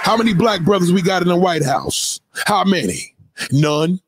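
A man's voice: high voice, sing-song, moderate pace, a loud crowd, heavy background noise. A man vlogging a heated, profane commentary rant with sing-song jabs. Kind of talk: ranting commentary video.

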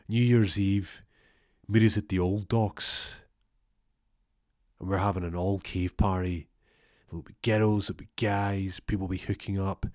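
A man voicing a frantic, grateful young gang leader, loud and pushy. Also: fairly low pitch, no room sound, studio quality, close to an everyday voice.

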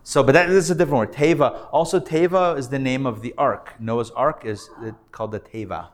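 In a classroom before a live audience, a male rabbi teaches Hebrew reading, pronouncing each syllable slowly. His pitch is medium, and he patiently checks that his students are following along.

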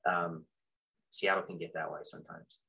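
A middle-aged man telling a personal story in a halting, reflective way, full of fillers and restarts, with soft self-deprecating chuckles. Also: sits low, steady tone, gravelly, rough recording. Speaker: practitioner sharing his story.

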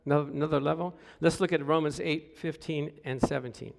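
A middle-aged man preaching a sermon, telling stories with hushed asides and sudden loud exclamations, and calling out for responses from the congregation. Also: a little high, a little fast, vocal fry, a little hiss or hum. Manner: animated storytelling, swings from hushed to loud exclamations. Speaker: pastor.

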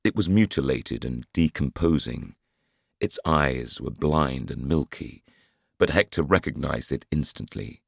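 A man with an extremely low, gravelly, husky voice narrates a thriller in a measured, dramatic way. The recording is close and dry. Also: lively intonation, no echo. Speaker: audiobook narrator. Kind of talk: scripted narration.

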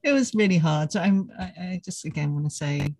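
A woman hosting a podcast, reminiscing and offering encouragement in a relaxed conversational way. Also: on the low side, brisk, dry recording, poor audio. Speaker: podcast host. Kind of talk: casual conversational interview.

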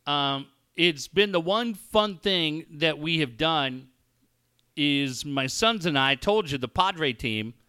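A man's voice: fairly high pitch, slow pace, smooth, dry recording, studio quality. A man in his forties hosting a talk show, telling stories in casual chat and acting out quoted dialogue. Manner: storytelling with animated quoted dialogue. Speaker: radio show host.

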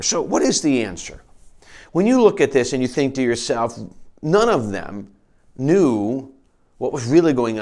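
A man preaching a sermon, earnestly explaining scripture, reading verses aloud and often restarting his phrases. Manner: earnest teaching with quoted scripture and frequent restarts; animated delivery with rises and drops in pitch and volume. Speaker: pastor.

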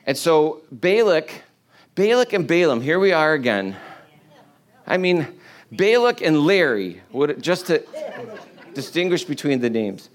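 Man, preacher, casual sermon storytelling, conversational, humorous, filler-heavy, fairly high voice. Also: sing-song, a little slow, long pauses, some chatter behind.

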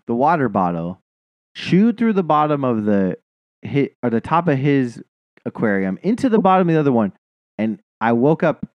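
A man telling stories on a podcast, profane and rambling, poking fun at himself. His pitch climbs and dips all over as he goes. The sound is close and dry, with no room around it. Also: dry recording, dull audio. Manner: profane, rambling, self-mocking. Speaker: podcast co-host. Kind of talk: casual storytelling chat.

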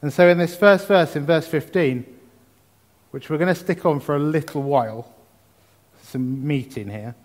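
A man's voice: fairly high pitch, normal speed, pauses often. A man preaching a sermon, reading scripture and talking about it with exuberant emphasis. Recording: long hall reverb.

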